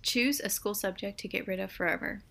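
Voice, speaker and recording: A young adult woman co-hosting a casual chat, reading out quiz questions in a relaxed, chatty way. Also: mid-range voice, fairly quick, creaky. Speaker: co-host.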